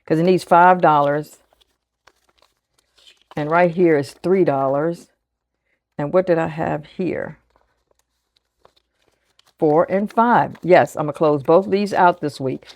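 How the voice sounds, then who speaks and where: Low-voiced woman in her sixties, chatting. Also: slow pace, pauses often, darkish tone. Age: 60s. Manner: chatty, thinks aloud, counts bills under her breath. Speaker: budgeting vlogger. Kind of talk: casual chat while cash stuffing.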